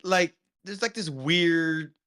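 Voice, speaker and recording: This podcast co-host speaks in a slightly high, sharp-toned voice and takes his time. He rambles through a relaxed movie review chat, full of ums and false starts.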